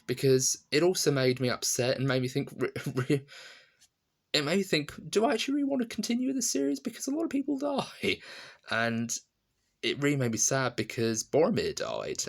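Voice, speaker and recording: A man's voice: fairly low pitch, fairly bright tone. A young adult man, giving a casual spoken film review, enthusiastic and rambling, with frequent restarts and laughs.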